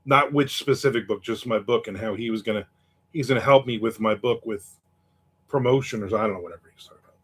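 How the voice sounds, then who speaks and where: A man's voice: on the low side, quick pace, husky. A man hosting a casual live chat, telling stories in a wry, cynical way and reading out viewer comments. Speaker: host.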